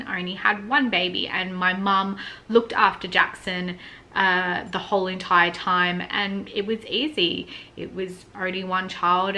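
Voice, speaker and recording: Australian mum vlogger in her thirties, bright and forward voice, choked up and close to tears throughout. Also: medium pitch, a little hiss or hum. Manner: tearful and emotional, voice wavering. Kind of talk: casual sit-down vlog chat.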